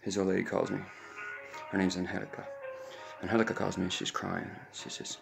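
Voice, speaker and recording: A man's voice: sits low, monotone, a little fast, creaky, music in the background. A man casually chatting on a live stream, rambling and telling a story in a loose, offhand way. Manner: rambling, baby-talks to his puppies. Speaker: vlogger.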